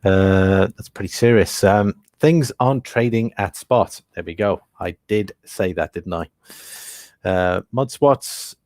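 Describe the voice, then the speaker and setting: British male livestream host, lowish voice, dry close sound, easygoing and full of fillers. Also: slow, no room sound. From Britain. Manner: relaxed, thinks aloud with many fillers, reads out viewer comments. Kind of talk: casual livestream commentary.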